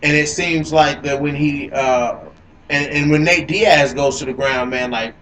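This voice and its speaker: A man hosting a casual mixed martial arts talk show. He rambles, curses and repeats himself as he gets excited. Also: a little high, a little slow. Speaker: host of MMA talk show. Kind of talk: casual live-stream commentary. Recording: echoey live-stream audio.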